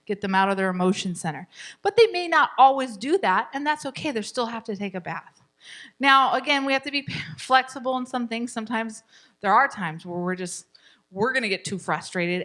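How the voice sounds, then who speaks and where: A woman runs a live parenting class in a bright, fairly high voice. She teaches with energy and laughs often. She acts out what parents and children say.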